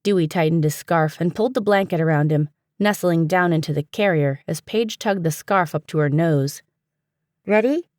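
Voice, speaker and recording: A woman narrating a fantasy audiobook in a steady, even storytelling manner, recorded on a close studio mic. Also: sits low, moderate pace, hardly any pauses, dry recording. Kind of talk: scripted narration.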